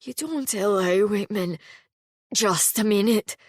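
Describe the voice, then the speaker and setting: A woman voicing a terse, deadpan immortal male swordsman in an audiobook, speaking calmly and dryly. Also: medium pitch, slow pace, no room sound, studio quality. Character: male immortal swordsman, calm, dry, wounded. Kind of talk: audiobook character voice.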